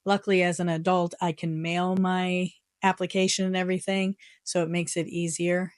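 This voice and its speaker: A middle-aged American woman living in Japan, telling a story in a casual vlog with an animated, exasperated manner and frequent laughs. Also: fairly low pitch, normal speed, no room sound. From United States. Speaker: vlogger. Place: her home in Japan.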